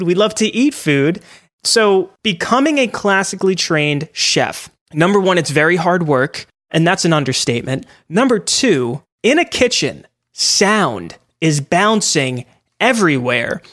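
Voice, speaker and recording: A man with a fairly high voice hosts a podcast interview. He asks long, winding questions, and the recording is dry and close. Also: fairly bright tone, no echo. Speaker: podcast host.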